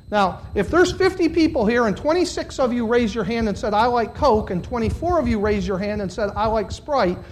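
A preacher giving a live sermon to a congregation of about fifty, dropping to quiet, low questions and then rising to loud, shouted emphasis, drawing out key words. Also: a little hiss or hum. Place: church hall with about fifty listeners.

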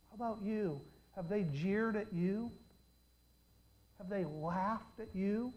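A man's voice: sits high, slow, long pauses, darkish tone, muffled recording. An older man preaching a sermon, telling dramatic stories and putting questions straight to his congregation.

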